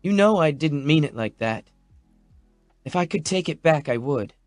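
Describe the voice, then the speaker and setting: A man voicing an anxious, emotional young pregnant woman in an audiobook, her voice soft and wobbly. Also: on the high side, expressive, moderate pace, dry recording, soft background music, voice pushed up, natural voice. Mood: remorseful. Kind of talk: audiobook character voice.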